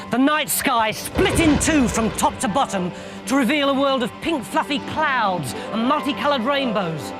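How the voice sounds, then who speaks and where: A lively, theatrical male storyteller. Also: extremely high pitch. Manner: lively, theatrical, shifting volume. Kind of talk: dramatic comic narration.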